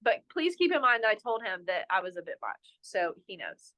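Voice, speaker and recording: Young woman, interview guest, mid-pitched voice, lively self-mocking storyteller who says "like" constantly. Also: fairly quick, highs cut off. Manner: animated, self-mocking, heavy use of "like". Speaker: resort general manager, podcast guest.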